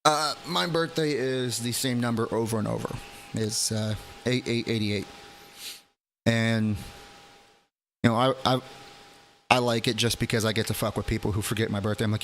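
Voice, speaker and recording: Male storyteller, mid pitch, swears freely, chatty and blunt; faint noise behind him. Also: fairly even intonation, moderate pace, a bit bright. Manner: profane, blunt, laughs at own jokes. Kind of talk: casual storytelling.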